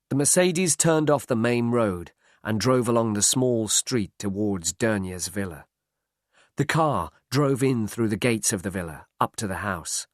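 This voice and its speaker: A man reads a story aloud slowly and clearly. His intonation rises and falls a lot. The recording is dry and close. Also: fairly low pitch, no echo. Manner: slow, clear, expressive. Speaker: narrator. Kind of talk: reading a graded story aloud.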